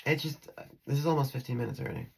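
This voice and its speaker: A man's voice: medium pitch, big pitch swings, very fast, creaky, breathy edge. A man talking to his phone camera in a rambling spiritual vlog, giggling and restarting his sentences as he drifts between topics. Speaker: spiritual vlogger.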